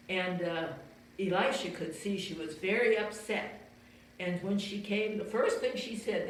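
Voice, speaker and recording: A woman telling a Bible story to children in a gentle storytelling manner, explaining as she goes and asking her listeners questions. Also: lowish voice. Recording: very echoey room, far from mic, faint noise.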